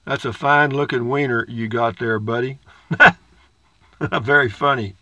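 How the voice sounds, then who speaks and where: An older man with a mid-range, sharp-toned voice reads viewer comments aloud at an unhurried pace in a casual vlog chat. His manner is folksy and rambling with dry humor, and the recording is dry.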